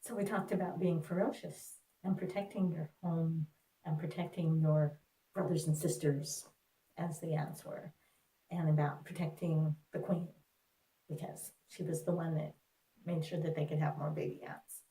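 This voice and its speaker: A woman telling a personal story in an earnest, reflective way, with pauses. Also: deep voice, steady tone, dark tone. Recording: roomy, distant mic.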